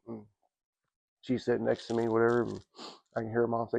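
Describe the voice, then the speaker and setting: In a church, a man gives his personal testimony in a gravelly, flat, medium-pitched voice. His storytelling is rambling and halting, full of restarts, and he keeps saying "you know what I'm saying" in a casual way. The recording is dull and lo-fi.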